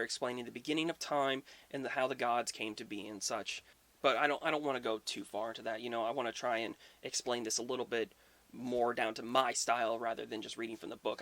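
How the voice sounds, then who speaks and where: A man casually retelling old myths for a history video, chatty and informal, with the odd curse word. His voice sits at an ordinary pitch, and the recording is dry and close. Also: fairly bright tone, dry recording. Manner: informal, swears, conversational fillers. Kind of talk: casual storytelling.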